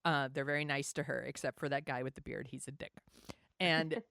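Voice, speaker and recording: A woman's voice: sits low, fairly even intonation, brisk, vocal fry, fairly bright tone, dry recording. A woman co-hosting a podcast, chatting casually about a movie with wry, teasing asides, close to the mic. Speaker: podcast co-host.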